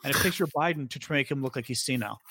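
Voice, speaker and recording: A man co-hosting a podcast, talking in a sarcastic, animated way and mocking the voices of the people he quotes. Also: mid-range voice, very fast, breathy edge, no room sound, clean studio sound. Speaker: podcast co-host. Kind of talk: casual political chat.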